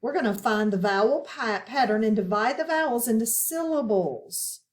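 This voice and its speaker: A woman teaching a phonics lesson to children, asking questions and pausing patiently for answers. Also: fairly high pitch, expressive. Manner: slow, patient, asks questions and pauses.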